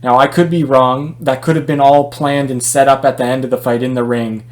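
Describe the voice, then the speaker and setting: A man's voice: mid-range voice, little pitch movement, brisk. Casual, opinionated male boxing vlogger. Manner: conversational, opinionated, many fillers and restarts.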